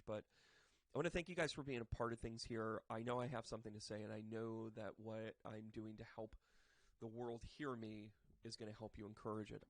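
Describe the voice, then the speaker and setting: A man giving a casual tarot reading to camera, chatty and joking, with bursts of loud emphasis. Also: on the low side, vocal fry, no echo. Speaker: tarot reader and medium. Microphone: microphone.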